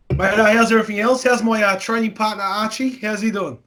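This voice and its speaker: High-voiced, matey Australian man host. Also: fairly bright tone. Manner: matey, joking, swears freely. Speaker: podcast host. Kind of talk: casual podcast chat.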